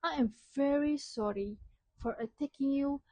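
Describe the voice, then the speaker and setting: A woman's voice: high-pitched, measured pace, warm tone, no room sound. A woman voicing a hot-tempered father mouse in a storybook tale. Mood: sorry.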